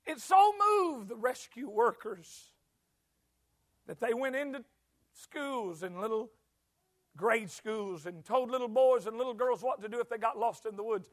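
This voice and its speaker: High-voiced preacher shouting a sermon. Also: male voice, measured pace. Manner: shouting, sing-song preaching cadence. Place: church.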